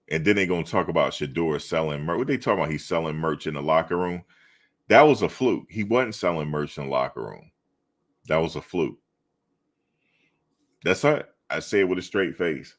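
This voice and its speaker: A middle-aged man hosting a casual live sports chat, bantering with viewers in an animated, slangy, repetitive way. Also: low-pitched. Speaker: live show host reading chat.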